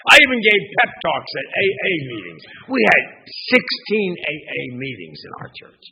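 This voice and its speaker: The older minister's high voice is very animated, bright and pushed, with vocal fry, as he preaches at a moderate pace in the church sanctuary. His conversational sermon rambles, with restarts and asides to the congregation, on a dull lo-fi recording.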